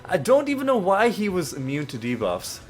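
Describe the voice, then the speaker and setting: A man's voice: high voice, huge pitch swings, fairly quick. A man hosting a let's play, giving gameplay commentary in swearing, frustrated rants full of stammered restarts, with game music behind him.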